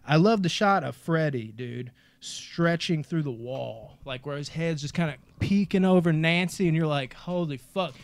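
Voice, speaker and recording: Brief: Kentucky man, podcast host, slightly high voice, dry close sound, swears a lot, excitable. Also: moderate pace, few pauses, dry recording. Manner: profane, excitable, calls listeners dude. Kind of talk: casual movie-review podcast chat.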